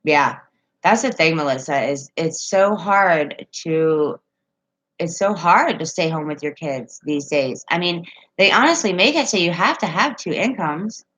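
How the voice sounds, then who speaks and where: A woman's voice: fairly low pitch, animated, unhurried, a bit bright, rough recording. A woman chatting casually on a live stream from home, reading viewer comments and telling rambling stories with frequent laughs.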